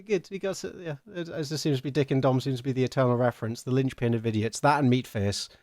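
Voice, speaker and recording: A man co-hosting a charity stream in casual chat, giggly and excitable. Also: fast talker, no room sound. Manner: giggly and excitable, swings pitch widely.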